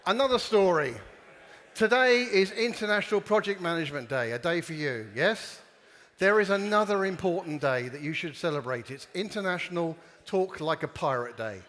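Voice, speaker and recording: In a large conference hall with lingering reverb, a man with a high-pitched, slightly bright voice leads a live audience in participation games during a jokey talk. His intonation is lively and his pace moderate.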